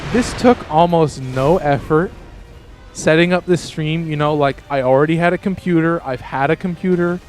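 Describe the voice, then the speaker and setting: Rambling male streamer chatting with viewers. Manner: rambling, with frequent restarts and sudden excited jumps in pitch. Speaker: livestreamer. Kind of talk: casual livestream chat with viewers while gaming.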